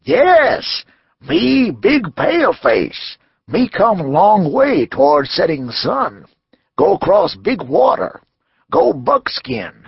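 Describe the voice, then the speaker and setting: A male narrator voicing a good-natured old buffalo hunter who boasts in slow, emphatic broken speech. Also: sits high, huge pitch swings, vocal fry, breathy edge, dry recording, lo-fi sound, pitched above the performer's own voice, heavily acted. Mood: boastful.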